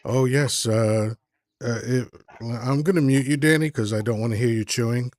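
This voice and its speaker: A rambling, easygoing man hosts a live call-in stream online, chatting casually and thinking aloud with lots of fillers. His voice is medium-pitched with a darkish tone, he talks at a normal speed, and there's no room sound.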